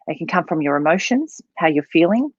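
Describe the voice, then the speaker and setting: A woman's voice: sits low, fairly quick, dry recording, dull audio. A woman who coaches voice and public speaking, explaining as an interview guest and showing voices as she talks. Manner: expressive, demonstrates voices while explaining.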